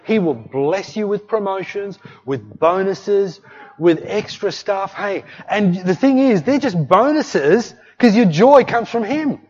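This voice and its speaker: Slow and expressive, a high-pitched middle-aged man preaches a sermon as pastor. He is emphatic and repetitive, frequently calling "hey" to the congregation and telling them "don't fret." The audio is dull and lo-fi, with a long hall reverb.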